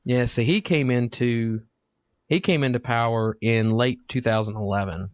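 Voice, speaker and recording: A man's voice: mid-range voice, normal speed, no echo. A man hosting a casual podcast, chatting crudely and reading news articles aloud. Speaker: podcast host. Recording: dull lo-fi podcast mic.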